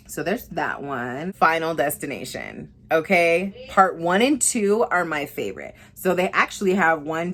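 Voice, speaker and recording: A young woman vlogger with a low voice recommends movies in a loose, casual way. She gets excited, swears freely and keeps saying "like".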